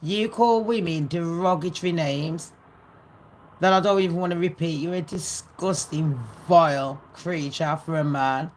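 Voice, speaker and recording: A woman's voice: lowish voice, unhurried, darkish tone, a little hiss or hum. Woman ranting on her gossip vlog, sweary and sarcastic, scornful. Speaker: gossip vlogger. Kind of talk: ranting casual monologue.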